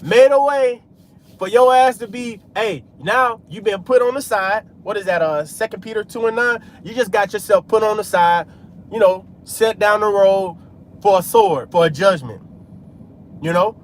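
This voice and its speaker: A man's voice: high-pitched, moderate pace, a little hiss or hum. A man preaching in a casual street style, scattering "man" and "hey" through his talk while he drives. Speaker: religious vlogger.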